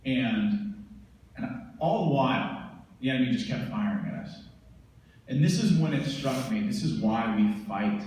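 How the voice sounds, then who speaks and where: A man's voice: medium pitch, unhurried, pauses often, a little mellow, distant mic. A man from the United States, a veteran speaker, intensely and vividly retelling a personal story. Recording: roomy hall from afar.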